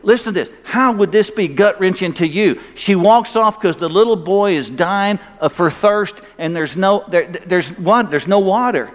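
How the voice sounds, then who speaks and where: A man's voice: high-pitched, moderate pace, few pauses. A male pastor preaching a sermon, emphatic and full of rhetorical questions for the congregation. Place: church sanctuary. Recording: long hall reverb.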